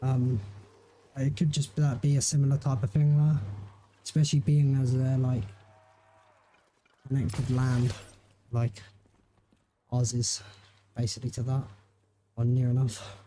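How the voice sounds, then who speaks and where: Laid-back young English guy, streamer chat, deep mellow tone, rambles. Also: level tone, a little slow, pauses often, a little hiss or hum. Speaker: gaming livestreamer. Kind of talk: casual chat while streaming.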